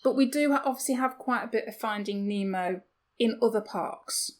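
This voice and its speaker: Casual podcast banter comes from a female co-host from the United Kingdom, her voice a little high and her pace moderate. She mixes in self-deprecating asides and asks rhetorical questions.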